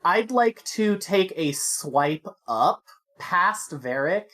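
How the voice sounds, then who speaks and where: A woman's voice: fairly low pitch, animated, slow pace, fairly bright tone. A woman chatting casually as a player in a tabletop game, eager and swearing freely.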